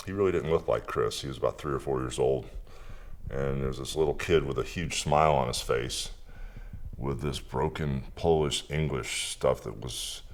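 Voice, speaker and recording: An older man remembers an old meeting in a relaxed, unhurried way. His voice sits extremely low, a deep rumbling bass. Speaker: interviewee, wrestler. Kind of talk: documentary interview reminiscence.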